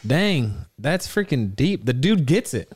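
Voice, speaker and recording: A man's voice: medium pitch, very animated, slow pace, a faint crowd, a little hiss or hum. A man co-hosting a casual reaction chat, reacting with enthusiastic interjections. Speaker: co-host reacting to a clip.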